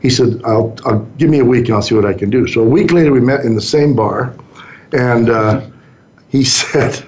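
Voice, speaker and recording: A man's voice: medium pitch, a little fast, darkish tone. Man in his sixties telling business stories. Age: 60s. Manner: anecdotal, easygoing, acts out quoted lines. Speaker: business owner guest. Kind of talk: storytelling interview answers. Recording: dull muffled sound.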